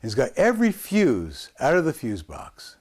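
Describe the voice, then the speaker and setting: A man's voice: medium pitch, huge pitch swings, normal speed, a little mellow. A man in his sixties from the United States, telling a rambling story as an interview guest, with frequent hesitations and restarts.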